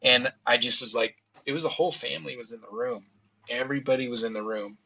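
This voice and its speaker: A man in his thirties talks openly on a podcast, loose and conversational, with lots of "you know" and "dude". His voice is bright and forceful. The recording is slightly dull and lo-fi. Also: medium pitch, fairly even intonation, fairly quick, breathy edge. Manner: candid, casual, says "you know" and "dude" a lot. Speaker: podcast guest. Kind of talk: emotional personal storytelling.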